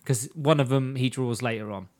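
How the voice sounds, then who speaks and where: A man's voice: mid-range voice, brisk, a little mellow. A man co-hosting a casual podcast, recapping episodes, swearing and laughing often. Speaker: podcast co-host.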